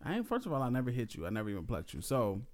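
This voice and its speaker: Man, animated pitch, relaxed playful co-host. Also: rapid-fire. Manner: laid-back, playful denials. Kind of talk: casual couple chat.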